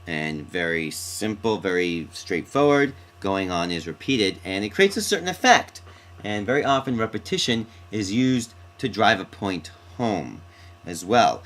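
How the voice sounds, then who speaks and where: A man's voice: lowish voice, sing-song, normal speed, fairly bright tone. A man teaching a recorded mini-lesson on poetic sounds, reading his examples with playful, theatrical flair.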